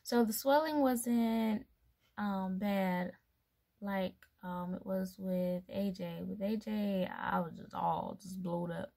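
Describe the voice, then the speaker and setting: A young woman talks slowly and loosely to her viewers about pregnancy. Her voice has a gravelly, fry-edged texture, and she rambles, filling pauses with "um" and "like" and small laughs. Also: mid-range voice, dark tone. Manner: chatty, rambling, laughs between thoughts, many fillers. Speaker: mom vlogger. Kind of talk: casual pregnancy vlog.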